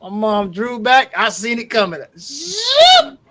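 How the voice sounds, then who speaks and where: This man co-hosts a podcast, telling stories in relaxed chat with plenty of profanity and acted-out quotes. He speaks in a high-pitched voice at a moderate pace.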